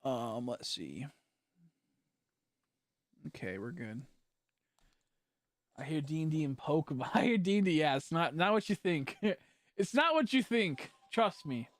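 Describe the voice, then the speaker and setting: A man's voice: fairly high pitch, lively intonation, measured pace, long pauses, no room sound. Jokey rambling young man, dry sound. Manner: rambling, jokey, laughs often. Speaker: streamer. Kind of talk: casual livestream chat.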